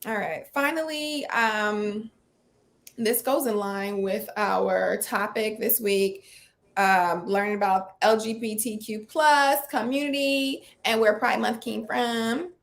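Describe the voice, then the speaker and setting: A woman co-hosting a live weekly talk show, chatting casually and with animation, using slang and quick asides. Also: medium pitch, creaky. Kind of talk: casual chat.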